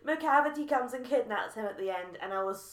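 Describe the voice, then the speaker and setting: A woman co-hosts a podcast in a casual, animated chat and laughs often. Her voice sits a little high. The room around her has a noticeable echo. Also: fast talker. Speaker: podcast co-host. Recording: echoey room.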